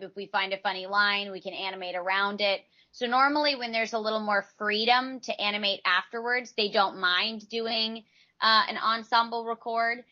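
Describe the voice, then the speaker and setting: A woman's voice: mid-range voice, bright, forceful tone, highs cut off. A woman from Texas, a voice actress answering interview questions in a chatty, rambling way, often restarting her sentences. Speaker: voice actress, guest.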